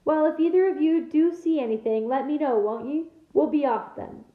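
A woman reading aloud, voicing a big, blunt male gamekeeper who talks in a rough dialect. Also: high-pitched, normal speed, close to an everyday voice. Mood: gruff. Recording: echoey room, tinny phone-like sound.

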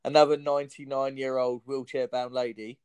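A man's voice: medium pitch, flat delivery, a little fast, a little mellow, clean tone. A man hosting a comedy podcast in casual chat, joking and laughing often.

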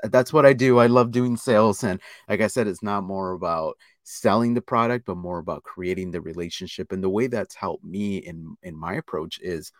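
A man with a low, deep voice talks casually as a podcast guest. He tells stories animatedly and acts out snippets of dialogue. The sound is dry and close. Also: moderate pace, few pauses, no echo. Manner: animated storyteller acting out dialogue; casual, many fillers and restarts. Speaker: podcast guest, watch channel creator. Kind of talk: casual interview chat.

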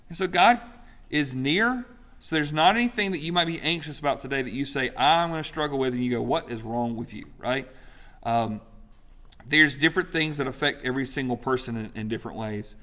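A male pastor preaching a sermon in a conversational, animated way, mixing humor with scripture. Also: mid-range voice.

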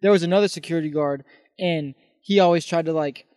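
A young man co-hosting a podcast in casual chat, telling animated stories and swearing a lot. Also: a little high, fairly quick, dry recording, clean studio sound. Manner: animated, swearing, excitable storyteller. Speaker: podcast co-host.

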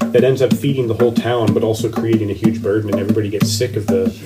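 A man's voice: fairly low pitch, little pitch movement, quick pace. A man in casual chat, rambling playfully as he retells a children's story. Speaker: podcast co-host. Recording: loud music under voice.

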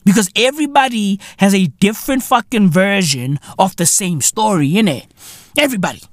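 A woman's voice: mid-range voice, animated, normal speed, no room sound, studio quality. A woman hosting a podcast, delivering a profane, incredulous comedic rant full of slang tags. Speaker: podcast host.

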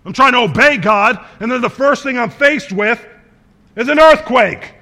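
A male preacher acting out a despairing, self-pitying prophet, loud and strained. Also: very high-pitched, moderate pace, pitched above the performer's own voice, heavily acted. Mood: frightened.

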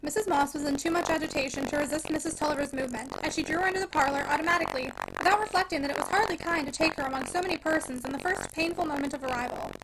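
A woman reading a classic novel aloud in an expressive audiobook narration. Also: high-pitched, racing, hardly any pauses. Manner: expressive, dramatic. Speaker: audiobook reader. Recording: noisy home recording.

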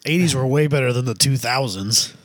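A man's voice: medium pitch, a little fast, no room sound, clean studio sound. A man co-hosting a podcast in casual chat, laid-back and rambling, with crude jokes. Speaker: podcast co-host.

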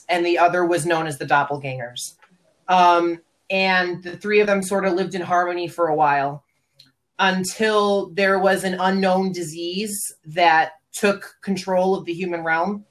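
A woman in a casual podcast chat, explaining a character backstory at length with frequent ums. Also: on the low side. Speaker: podcast guest.

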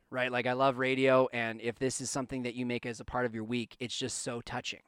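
A man in the middle of pitch talks on his own podcast, hiccuping and coughing now and then. His voice is smooth and resonant, and the room sounds dry. He rambles earnestly and restarts his sentences often. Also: flat delivery, brisk, hardly any pauses, a bit bright, no room sound. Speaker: podcast host. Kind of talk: casual solo podcast monologue. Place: home basement studio.

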